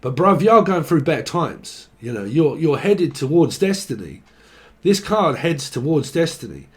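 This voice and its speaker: A man's voice: a little high, big pitch swings, normal speed. A young man giving a casual tarot reading, joking, rambling and swearing freely. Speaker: tarot reader.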